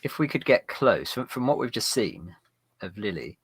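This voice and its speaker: A man with a fairly low voice plays a tabletop game, recorded dry and close. He asks questions and answers in short agreeing bits. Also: sing-song, normal speed, slightly rough, no room sound. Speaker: player. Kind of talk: casual tabletop play.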